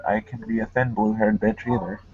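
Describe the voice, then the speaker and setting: A man's voice: fairly low pitch, fairly even intonation, fairly quick, phone-quality sound, a loud crowd. A man in a casual chat, telling stories and laughing at himself. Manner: laughing, self-mocking storyteller.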